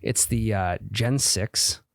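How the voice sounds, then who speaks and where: A man's voice: lowish voice, slow pace, no echo, studio quality. A young man co-hosting a golf podcast, chatting loosely and slipping into sponsor-read patter. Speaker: podcast co-host. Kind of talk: casual chat with ad reads.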